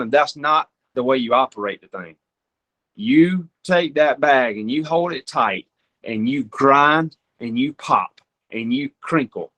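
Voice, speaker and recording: A young man from Georgia, a podcast guest giving hunting advice through lively stories and imitating deer sounds and calls. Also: on the high side.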